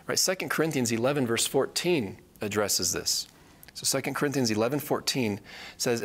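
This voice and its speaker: A man's voice: lively intonation, moderate pace, a bit bright. A man giving conversational Bible teaching, earnest, checking in with "right?" and acting out quoted voices. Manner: earnest, repeats points with "right?" tag questions; acts out quoted voices in a higher pitch.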